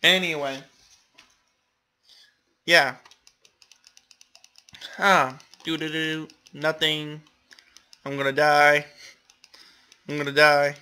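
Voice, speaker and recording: Young male gamer, slow-paced casual commentary, self-mocking, exclaims a lot. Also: on the high side, little pitch movement, sharp tone, clear, resonant tone. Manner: self-deprecating, exclamatory, laughs often.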